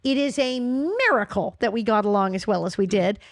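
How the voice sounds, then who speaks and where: A woman in her sixties telling lively stories as a podcast guest, jumping up and down in pitch. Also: a little fast, dry recording. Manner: lively, expressive storyteller with frequent pitch jumps. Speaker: guest, former child actress. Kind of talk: animated interview storytelling.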